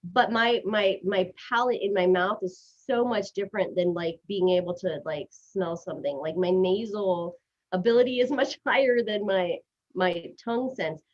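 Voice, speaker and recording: A woman hosting a casual live stream, talking fast and chatty and giggling at herself. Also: mid-range voice. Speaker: host. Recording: dull lo-fi stream audio.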